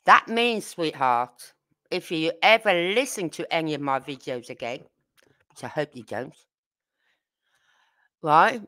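She's a true crime channel host from Birmingham, England, with a Brummie accent, addressing viewers bluntly and indignantly in a casual livestream. Her deep voice is animated and sharp, moving at a measured pace with long pauses.

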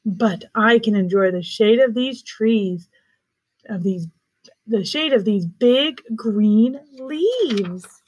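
A woman voicing a lazy male lion in a storybook, speaking low and soft with a purr and sighs. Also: animated, slow, husky, dry recording, full character voice. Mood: content. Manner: low, soft, purring and sighing.

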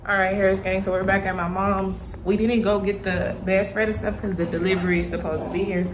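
A young woman vlogger chats casually to the camera, speaking fairly quickly at a medium pitch with a level tone over a noisy background. She addresses her viewers directly and is often out of breath.

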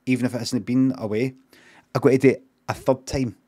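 A middle-aged Scottish man improvising a comic story, rambling and deadpan, swearing freely and drifting off on tangents. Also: medium pitch, brisk, husky. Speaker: streamer.

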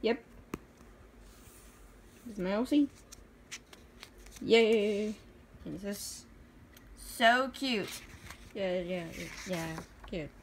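In an extremely slow, casual chat with frequent pauses, a young woman with a medium pitch shows her own drawings. She rambles, giggles often and makes fun of herself. A little hiss or hum is present.

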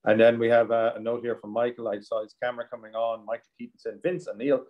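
A man's voice: mid-range voice, little pitch movement, fast. Guy moderating a zoom q&a, friendly, lots of uhs, slightly muffled sound. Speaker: moderator reading out questions. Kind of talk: hosting a video-call Q&A.

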